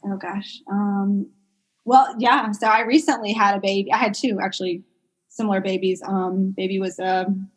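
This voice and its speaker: A woman working as a pediatric speech therapist, chatting casually in an interview and telling stories with lots of fillers and animated quoted voices. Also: mid-range voice, normal speed. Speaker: pediatric speech-language pathologist guest.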